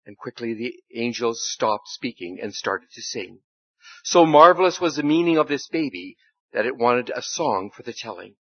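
A man reading a story aloud to a congregation, with expressive, dramatic telling. His voice sits at a middle pitch. The recording is dry and a little dull. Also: moderate pace, dry recording. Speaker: storyteller in a church service.

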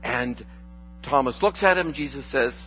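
A man preaching a conversational sermon as a pastor, relaxed and joking, with frequent fillers and restarts. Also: medium pitch, a little slow, highs cut off, faint music behind.

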